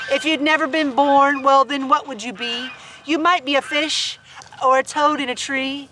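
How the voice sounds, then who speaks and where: A woman's voice: high-pitched, fairly bright tone, a little hiss or hum. A woman reading a rhyming picture book aloud to her farm animals outdoors, playful and laughing between verses. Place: outdoors on a farm with sheep and dogs.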